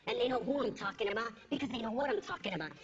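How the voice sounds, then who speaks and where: A woman's voice: fairly high pitch, very fast. A woman performing a stand-up comedy set on stage, punching out her lines and slipping into put-on voices for her jokes. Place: stage before a live audience. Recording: lo-fi with background noise.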